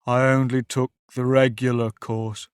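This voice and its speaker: A man voicing a sorrowful male Mock Turtle in an audiobook, sighing and drawing his words out slowly. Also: medium pitch, little pitch movement, clean tone, no echo, clean studio sound, natural voice. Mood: mournful. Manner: slow, drawn-out, mournful delivery. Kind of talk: audiobook character voice.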